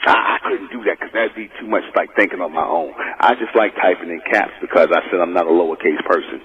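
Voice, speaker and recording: Guy preaching on talk radio, gravelly, sounds like a phone line. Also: low-pitched, steady tone, quick pace. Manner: preachy, emphatic. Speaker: radio host.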